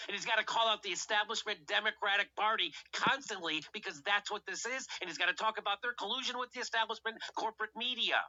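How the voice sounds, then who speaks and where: A man hosts a political show in a fierce, profane rant. His voice is sharp and bright, and he piles up sarcastic rhetorical questions. The recording is dull and lo-fi. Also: high voice, quick pace, hardly any pauses, no echo. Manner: heated, sarcastic, swears often, rhetorical questions.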